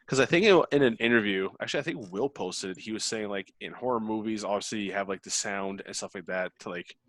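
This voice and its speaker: Low-voiced man chatting loosely. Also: fast talker, a bit bright, dry recording. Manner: rambling, many fillers. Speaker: book club member. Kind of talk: casual chat.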